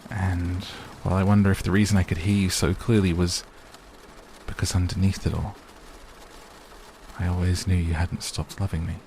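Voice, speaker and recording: A man's voice: sits low, flat delivery, moderate pace, long pauses, darkish tone, a little hiss or hum. A man voicing an earnest, wistful teenage girl who talks hesitantly, as if thinking aloud.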